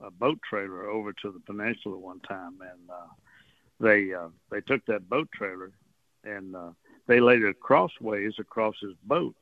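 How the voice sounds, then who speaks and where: This radio guest, a man from the Texas coast, speaks on the low side and chats by phone, so his casual stories come through a tinny line with no room sound. He rambles in a folksy way and laughs a lot as he goes.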